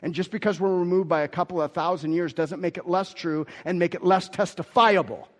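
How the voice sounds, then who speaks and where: A man preaching a sermon as pastor, swinging from quiet asides to loud, emphatic declarations and repeating key phrases. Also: high voice, fairly quick, long reverb tail.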